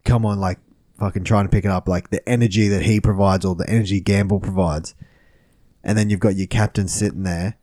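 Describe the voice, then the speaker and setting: A man's voice: low voice, steady tone, a little fast, warm tone, dry recording, studio quality. A man co-hosting a sports podcast, blunt and laddish, swearing as he makes his points. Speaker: podcast co-host. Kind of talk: casual sports banter.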